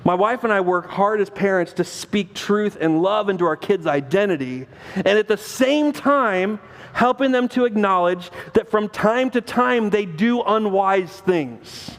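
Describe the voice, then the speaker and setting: A man in his forties preaching a sermon, telling a family story with animated acted-out dialogue and self-mocking laughter. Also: sits high, measured pace. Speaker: pastor. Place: church sanctuary. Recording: long reverb of a church hall.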